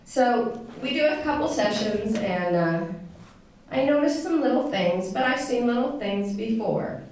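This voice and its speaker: A woman's voice: fairly high pitch, animated, measured pace, darkish tone. Woman telling a story in an echoey room. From United States. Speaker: speaker telling a personal story to an audience. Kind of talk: personal storytelling talk. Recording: echoey room, voice picked up from a distance with some noise.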